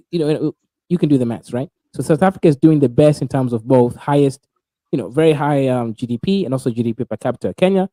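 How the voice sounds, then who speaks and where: A man's voice: medium pitch, dark tone, no room sound. A man hosting a casual group call, joking loosely with his guests. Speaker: host.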